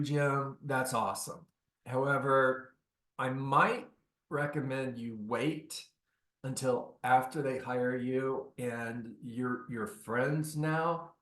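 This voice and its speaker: A man's voice: mid-range voice, fairly bright tone, reverberant. A man leading a real estate coaching session on a video call, giving direct, instructive advice.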